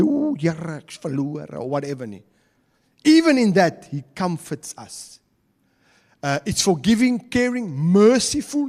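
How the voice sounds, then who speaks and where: A man's voice: high voice, a little mellow. A man with an Afrikaans South African accent preaching a chatty sermon, joking with the congregation and slipping between English and Afrikaans. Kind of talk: conversational sermon. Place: church hall. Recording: long church hall reverb.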